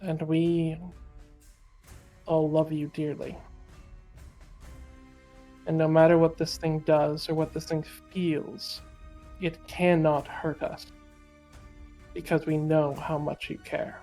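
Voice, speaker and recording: A gentle male spirit who speaks softly, calmly and earnestly, as a man plays him in a tabletop game. The voice sits a bit high for a man and stays quite level. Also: slow, pauses often, soft background music. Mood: tender calm. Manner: soft, calm, earnest. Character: calm, tender male spirit comforting a friend.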